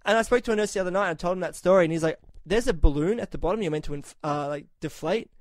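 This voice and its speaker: This man hosts a podcast, his high voice delivering rapid-fire talk. He recounts a long, foul-mouthed story in casual conversation, animatedly voicing the other characters.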